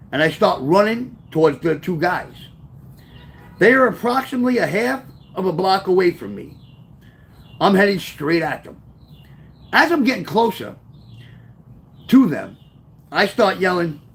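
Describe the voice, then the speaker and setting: A man reading his own memoir aloud, telling the story with lively, offhand asides. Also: high voice. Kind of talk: first-person memoir storytelling.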